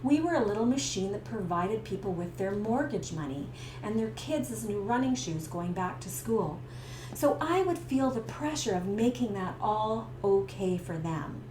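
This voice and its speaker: A woman's voice: medium pitch, normal speed. A middle-aged woman from Canada, a stress coach telling a personal story to camera and acting out the scenes. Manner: lively storyteller who acts out the scenes. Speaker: stress coach and business owner. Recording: roomy echo with faint background hiss.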